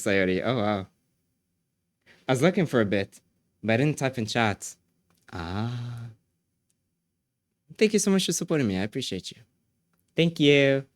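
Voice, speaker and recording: A man's voice: medium pitch, no echo, studio quality. A man streaming live, chatting casually with his viewers, joking, laughing often and filling his talk with "like".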